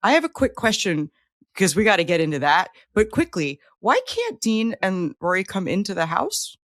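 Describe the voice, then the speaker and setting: A woman co-hosting a podcast in casual chat, emphatic and quick to react. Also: medium pitch, very animated, fairly bright tone, no echo, clean studio sound. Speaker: podcast co-host.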